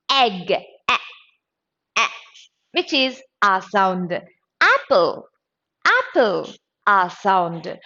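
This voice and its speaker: Woman teaching grammar, high lively voice, repeats sounds over and over, kinda dull lo-fi audio. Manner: slow, drills sounds by repeating them. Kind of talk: exam-prep grammar lesson.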